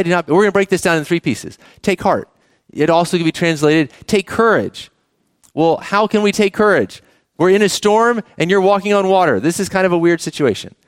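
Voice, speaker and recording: A middle-aged man preaching a sermon as pastor, conversational and animated, often asking the congregation questions. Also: high voice, clean tone, dry recording, studio quality.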